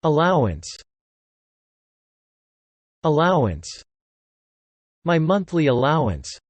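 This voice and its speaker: A narrator slowly reading an English word list for learners, saying each word twice and then a short example phrase in a deliberate way. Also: medium pitch, very animated, no echo. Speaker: vocabulary narrator.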